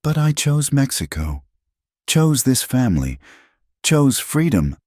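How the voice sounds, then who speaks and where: A man's voice: medium pitch, big pitch swings, takes it slowly, a little mellow, no room sound, clean studio sound, voice pushed up. A man voicing a proud, determined frontier woman who speaks firmly and defiantly in a storybook tale. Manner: firm, defiant.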